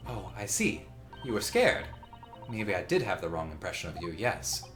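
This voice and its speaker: A man's voice: sits low, big pitch swings, moderate pace, a bit bright, faint music behind. A man co-hosting a casual game playthrough, reading dialogue aloud between joking, laughing asides. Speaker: let's play co-host.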